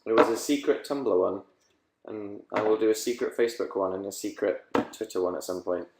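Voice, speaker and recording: A young English man hosting a casual livestream from his bedroom, chatty and quick to laugh, reading out viewer comments. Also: on the low side, roomy sound, background noise. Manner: chatty, bursts of laughter, reads comments aloud. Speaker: livestream host. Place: bedroom at home.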